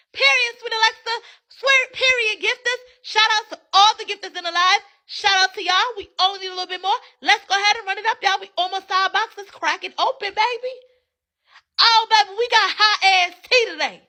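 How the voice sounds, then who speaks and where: A woman's voice: very high voice, sharp tone. A woman hosting a casual phone livestream, brashly hyping viewers to send gifts and cussing freely. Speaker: livestream host.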